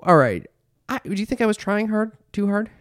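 A man co-hosting a podcast, chatting casually and wryly, sometimes slipping into a slow, low, relaxed voice. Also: no echo, studio quality. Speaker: podcast co-host. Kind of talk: casual chat.

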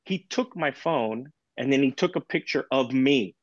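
A man's voice: medium pitch, animated, normal speed, dry recording. A man chats as a podcast guest, telling one story after another in a casual, swearing way, leaning on "you know". His voice sits in an ordinary middle range. The recording sounds dull and lo-fi, very dry. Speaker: guest percussionist.

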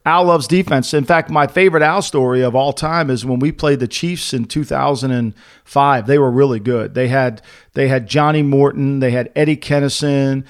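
A middle-aged man co-hosting a casual sports talk show, telling lively anecdotes and acting out the people in them. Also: mid-range voice, normal speed, smooth. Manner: animated anecdote-teller, acting out quoted voices. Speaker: podcast co-host, former NFL executive. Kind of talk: casual storytelling chat.

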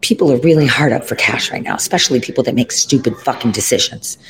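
Gravelly man venting profanely. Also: mid-range voice, fast talker, a bit bright, poor audio. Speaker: vlogger giving an update. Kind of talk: casual rambling vlog update. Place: airport lounge. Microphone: phone strapped to his arm.

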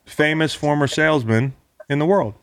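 A man's voice: on the high side, normal speed. A man hosting a casual chat, mostly giving short interjections and wry remarks.

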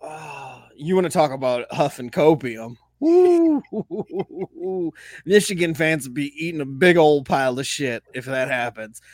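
A man co-hosting a sports podcast, ranting loudly and excitedly with lots of swearing. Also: fairly high pitch, unhurried, dry recording. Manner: loud, profane, excitable ranting. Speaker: podcast co-host. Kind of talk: casual sports chat.

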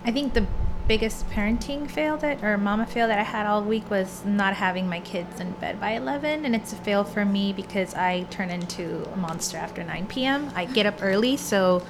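A woman's voice: mid-range voice, moderate pace, hardly any pauses, noisy background. A woman, a mother of two, chatting casually and laughing easily in a group conversation.

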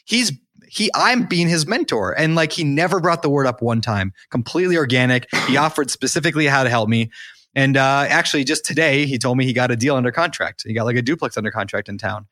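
Young male podcast co-host, quick, bright and animated, casual advice chat. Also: mid-range voice, no echo, studio quality. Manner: animated, acts out quoted people.

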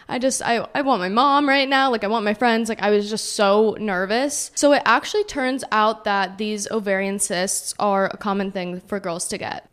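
A woman's voice: mid-range voice, clean tone. A young woman in her twenties, a podcast host telling a personal story in a chatty, casual way and saying "like" a lot. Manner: chatty, heavy use of "like".

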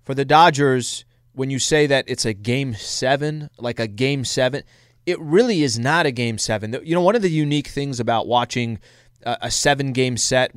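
A man's voice: mid-range voice, clean tone, no echo. A man co-hosting a casual sports talk radio show, easygoing with frequent fillers, at a studio microphone.

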